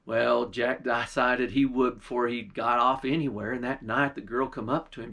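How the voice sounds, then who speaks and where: A man's voice: mid-range voice, level tone, normal speed, vocal fry, few pauses, sharp tone. A man, a pastor, telling a folk tale in a drawling, folksy storytelling manner.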